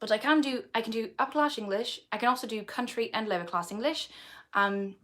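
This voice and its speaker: Woman streamer, casual rambling chat, relaxed host. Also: medium pitch, a little fast. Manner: chatty, rambling, with many fillers and restarts. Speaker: musician and livestream host.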